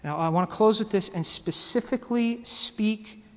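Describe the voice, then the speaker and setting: A man preaching a sermon to his congregation, earnest and halting, with pauses and restarts. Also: high-pitched. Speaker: pastor. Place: church sanctuary. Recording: long reverb of a hall.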